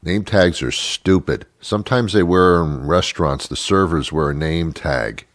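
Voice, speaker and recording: Low-voiced sardonic male show host. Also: moderate pace, no echo, studio quality. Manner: rambling, sardonic, chuckles at his own jokes. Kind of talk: comedic monologue rant.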